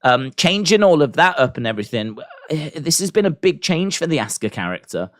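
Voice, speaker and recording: A man's voice: fairly high pitch, big pitch swings, fairly quick, no echo, studio quality. A man hosting a wrestling watch-along live stream, rambling casually with restarts and fillers.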